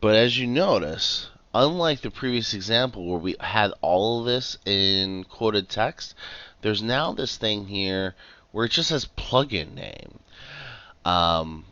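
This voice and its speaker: A man's voice: on the low side, expressive, slow, pushed and bright, smooth, dry recording, muffled recording. A man running a casual live coding tutorial over a headset mic, chatty and rambling, with lots of fillers and restarts. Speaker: livestream programming tutor.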